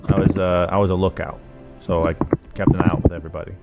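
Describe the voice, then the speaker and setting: Man playing a shy young kid, halting, filler-heavy, low voice, music behind. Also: level tone, creaky, dull audio. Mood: earnest. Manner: hesitant, halting, many fillers. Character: young, unsure kid crew member.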